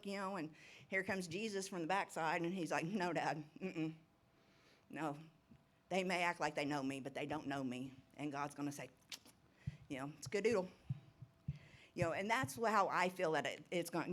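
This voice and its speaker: Nervous rambling woman, fairly low voice. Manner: nervous, rambling, laughs often. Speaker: recovery ministry speaker. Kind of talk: informal testimony talk.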